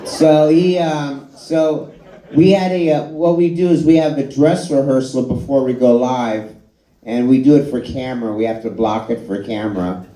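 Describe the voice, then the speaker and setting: A man doing a stand-up comedy set, telling a story in an animated way and swearing freely. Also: mid-range voice, moderate pace. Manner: animated storytelling, swearing, crowd laughing along. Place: live comedy show at a bar and grill. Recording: echoey bar room with a loud crowd. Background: audience laughing.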